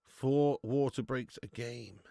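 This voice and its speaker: A young man talks through a live football match for his stream viewers. He gets excitable, swears casually and reads chat comments aloud. His mid-pitched voice sounds dry and close, with no room echo. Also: slow, gravelly.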